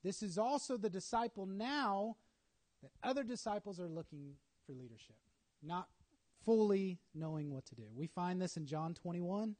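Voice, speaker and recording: A man's voice: sits high, animated, moderate pace, a little mellow. A man preaching a sermon, telling a story dramatically with acted asides.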